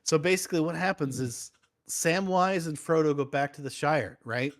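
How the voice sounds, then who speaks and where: Brief: man, slightly high voice, rambling stand-up storyteller in a casual chat. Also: normal speed. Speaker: comedian guest.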